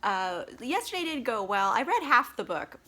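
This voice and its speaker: A woman's voice: on the high side, very animated, moderate pace, bright, forceful tone, slightly rough. A woman casually reviewing a book while tipsy on wine, chatty and giggly with lots of fillers and swearing, recorded on a camera set on a tripod. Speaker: book vlogger.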